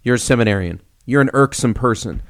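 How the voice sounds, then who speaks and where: A young man co-hosting a casual podcast, telling stories with lively swings and acting out the voices in them. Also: medium pitch, quick pace. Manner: animated storyteller, acts out quoted voices. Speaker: podcast co-host.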